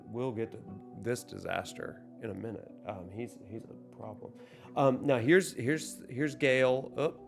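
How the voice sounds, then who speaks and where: A man of middling pitch recaps his game session in a loose, rambling way, full of "um"s and restarts and quick to poke fun at himself. Faint music sits quietly behind his voice, and he talks like he is at a desk mic in a home gaming setup. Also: gravelly. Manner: rambling and self-deprecating, many fillers. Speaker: gaming vlogger. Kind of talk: casual recap vlog.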